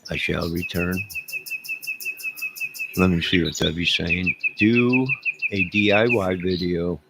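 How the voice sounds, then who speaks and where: Man, middle-aged, very low voice, rambling joker, loud birdsong behind. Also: flat delivery, measured pace, gravelly, very noisy. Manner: rambling, joking, bantering with chat. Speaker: livestream host. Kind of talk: rambling live chat. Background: loud birds chirping.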